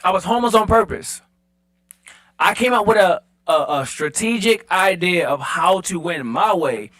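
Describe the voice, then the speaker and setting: A man's voice: high voice, expressive, normal speed, a bit bright. A man from Baltimore, a little drunk, talking earnestly on a podcast and repeating himself to hold the floor. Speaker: podcast guest, entrepreneur. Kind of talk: loose tipsy podcast chat.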